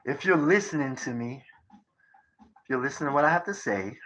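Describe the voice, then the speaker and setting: A man's voice: medium pitch, lively intonation, fairly quick, a bit bright, rough recording. A man in his thirties giving a rambling, profane livestream monologue, lecturing his viewers with rhetorical questions in a conspiratorial tone. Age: 30s.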